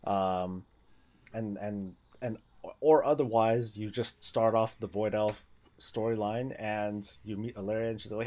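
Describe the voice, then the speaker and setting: Rambling male gaming streamer, lowish voice. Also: steady tone, measured pace, a little mellow. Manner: rambling, self-interrupting, laughs often. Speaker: livestreamer. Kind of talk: casual gaming livestream chat.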